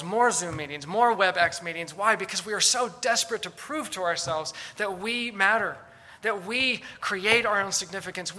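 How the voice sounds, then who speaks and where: A man's voice: sits high, bright, forceful tone. A man preaching a sermon, dramatic and sarcastic at times, acting out the voices he quotes. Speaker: pastor.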